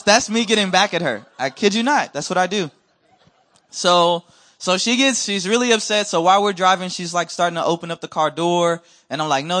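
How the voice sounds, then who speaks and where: A man preaching a sermon as a missionary, telling stories in a lively conversational way and acting out what others said. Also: high-pitched. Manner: animated, acts out quoted voices, conversational. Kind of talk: storytelling sermon. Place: church.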